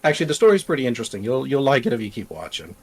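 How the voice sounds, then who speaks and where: A man's voice: medium pitch, big pitch swings, very fast, breathy edge. A man chatting on a game stream, teasing and cooing affectionate pet talk. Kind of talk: casual stream chat.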